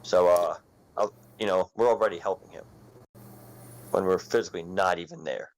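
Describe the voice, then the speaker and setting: Really deep-voiced guy, earnest, on a video call panel. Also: fairly even intonation, normal speed, low-quality recording. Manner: earnest, supportive. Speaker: panel guest. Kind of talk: casual panel chat.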